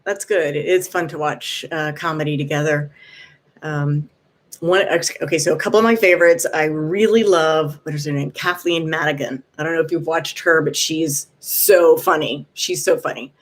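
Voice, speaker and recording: Gentle encouraging woman giving advice. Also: low-pitched, fairly even intonation. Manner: gentle and encouraging, pauses often with "um". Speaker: vlogger. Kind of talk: casual heartfelt advice talk.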